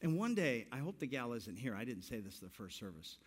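A pastor in his sixties telling a self-mocking story in a sermon, animated and laughing through his lines. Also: medium pitch, brisk, slightly rough. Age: 60s.

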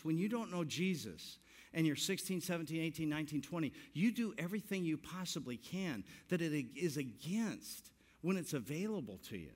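A pastor in his sixties telling a self-mocking story in a sermon, animated and laughing through his lines. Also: a little high, moderate pace. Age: 60s.

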